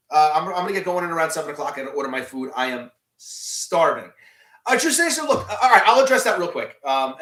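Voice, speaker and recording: Rambling man with a higher voice. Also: a bit bright, reverberant. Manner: rambling, many restarts and fillers, reads chat questions aloud. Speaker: live stream host. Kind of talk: casual live stream chat.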